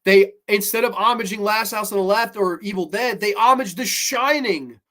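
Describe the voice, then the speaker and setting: A man hosting a horror movie review show, ranting in a blunt, profane and exasperated way, with sudden loud bursts of disbelief. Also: sits high, normal speed. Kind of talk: casual solo review rant.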